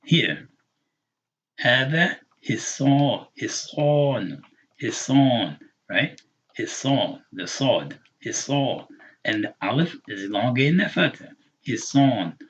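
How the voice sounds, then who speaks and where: A man teaching a live online language lesson, patiently repeating words slowly for learners. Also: mid-range voice, big pitch swings, fairly bright tone, husky. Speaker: Arabic teacher.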